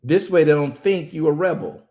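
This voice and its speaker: A man's voice: on the high side, a little mellow. A man who hosts and preaches on a talk show, emphatic and drawing out words to stress them. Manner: emphatic, drawn-out words for stress, quotes voices. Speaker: host and minister.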